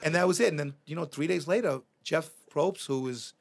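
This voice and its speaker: A middle-aged man, a podcast guest telling animated stories, swearing freely and acting out quoted lines. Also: on the high side, a little fast, gravelly, breathy edge. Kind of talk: casual storytelling.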